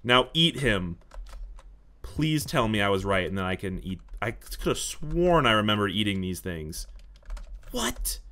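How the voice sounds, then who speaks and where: An excitable young man narrates his own gameplay in a bright, lively voice that leaps between muttering and shouting. He swears freely and talks to himself as he plays. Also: lowish voice, unhurried. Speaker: gaming YouTuber. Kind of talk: live gameplay commentary.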